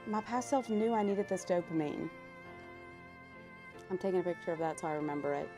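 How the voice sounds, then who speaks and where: A woman from South Louisiana with a Louisiana accent, chatting casually and rambling on a livestream, excitable and quick to swear. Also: fairly low pitch, music in the background. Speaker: live streamer.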